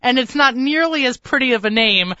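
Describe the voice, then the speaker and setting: Bright, effusive woman radio host. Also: high-pitched, lively intonation, brisk, no echo. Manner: effusive, enthusiastic. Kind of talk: radio interview. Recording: dry, slightly dull lo-fi sound.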